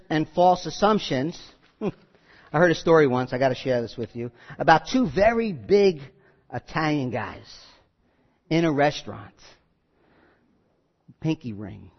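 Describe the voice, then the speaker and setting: A man preaching a sermon, telling stories with quoted voices and lively asides. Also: fairly high pitch. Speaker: pastor. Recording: muffled audio with long hall reverb.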